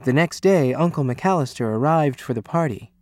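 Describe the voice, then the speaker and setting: A man reading a children's picture book aloud as storyteller, unhurried and expressive. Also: medium pitch, no echo.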